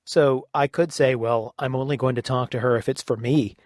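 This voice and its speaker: A man interviewing an author, speaking in a measured, sympathetic way. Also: medium pitch, fairly even intonation, a little mellow, no room sound, clean studio sound. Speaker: interviewer, audiobook narrator. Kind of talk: conversational interview.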